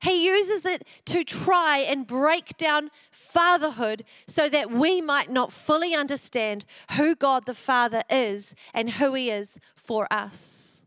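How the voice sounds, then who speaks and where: A woman's voice: sits high, a bit bright, no room sound. A middle-aged woman preaching a sermon, telling family stories and acting out the voices of her children. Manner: storytelling, acts out family voices.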